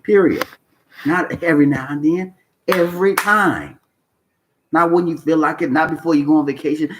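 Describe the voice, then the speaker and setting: A man's voice: fairly high pitch, normal speed, a bit bright, slight background noise, poor audio. A man hosting a trading channel who talks unscripted to the camera. He is blunt and emphatic, repeats his points, swears for stress, and keeps checking in with "okay?". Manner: coaching tone, asks "okay?" and "you know why?".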